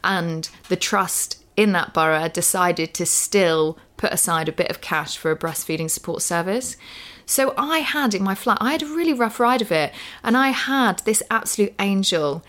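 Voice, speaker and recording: A woman's voice: mid-range voice, expressive, moderate pace, fairly bright tone. A woman talking earnestly as a guest co-host in a casual podcast chat, emphatic and full of "literally" and "you know".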